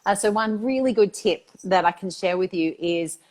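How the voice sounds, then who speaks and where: A woman's voice: mid-range voice, normal speed, darkish tone. Chatty woman, middle-aged. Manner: enthusiastic, chatty, frequent "like" and "you know". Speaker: guest, institute founder. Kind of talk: casual interview chat.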